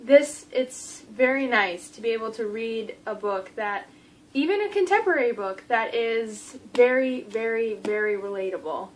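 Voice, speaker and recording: A young adult woman giving a casual book review vlog, gushing and animated, acting out the characters' lines. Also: fairly high pitch, slight background noise, rough recording.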